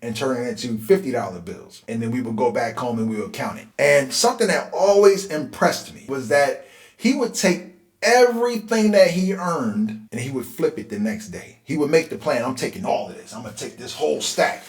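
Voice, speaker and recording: A man in his forties from Philadelphia telling a personal life story in a casual, conversational way, getting animated when he relives tense moments. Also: mid-range voice, normal speed. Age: 40s. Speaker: host. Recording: roomy echo.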